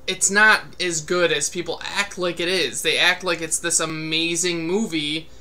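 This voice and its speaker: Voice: medium pitch, steady tone, unhurried, bright, forceful tone, a little hiss or hum. A podcast host giving an irritated, profane, sarcastic spoken movie review. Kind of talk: casual spoken review rant.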